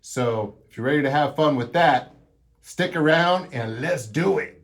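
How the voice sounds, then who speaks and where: A man giving a casual drum lesson, talking straight to viewers in a relaxed, upbeat way. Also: fairly high pitch, a little slow, slight background noise. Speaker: drum teacher. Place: drum studio.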